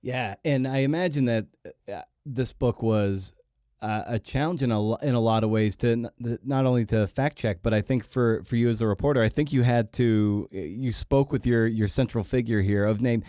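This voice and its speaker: A man hosting a podcast interview, asking long questions in a halting, hesitant way. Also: medium pitch, warm tone, no room sound, studio quality. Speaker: podcast host. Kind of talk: conversational interview.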